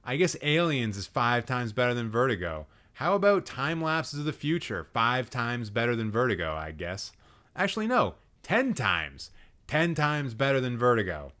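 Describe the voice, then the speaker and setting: Sarcastic man roasting, lively and bright. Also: medium pitch, moderate pace. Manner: exasperated, sarcastic, swears a lot. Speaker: livestream host. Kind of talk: live roast commentary.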